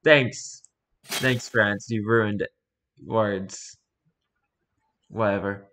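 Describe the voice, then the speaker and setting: A man's voice: on the low side, fairly even intonation, extremely slow, a bit bright. A man reading online posts aloud as a streamer, with sarcastic, mocking asides in casual commentary. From Pacific Northwest.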